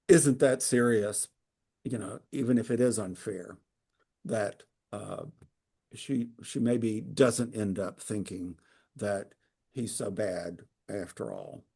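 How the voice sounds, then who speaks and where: Man with a gravel edge, mid-pitched, halting and wry, leading book talk on a call. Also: a little mellow. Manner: hesitant, many fillers and restarts, wry humor. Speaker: book club discussion leader. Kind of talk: informal literary talk.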